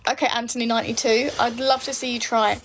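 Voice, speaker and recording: With a slightly high voice and flat delivery, a woman in her late twenties moves quickly through viewer comments on a casual live stream, cursing freely and not holding back. There's slight background noise.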